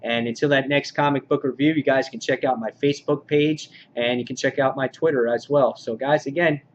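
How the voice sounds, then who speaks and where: A man giving a casual comic book review, excitable and loose, acting out characters' lines with mild swearing. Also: medium pitch, brisk. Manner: excitable, acts out characters' quotes; lots of fillers and restarts, mild swearing. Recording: dull lo-fi sound with faint noise.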